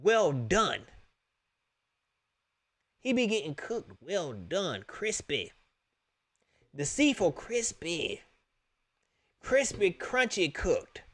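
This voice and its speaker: A man hosting a casual sports talk stream, animated and joking, repeating his lines for effect. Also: high-pitched, very slow, long pauses.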